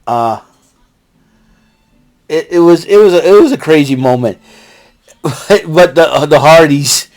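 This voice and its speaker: A man's voice: a little high, big pitch swings, normal speed. A man casually recapping a wrestling show, rambling with fillers and often breaking into laughter. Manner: watching a ball game while talking.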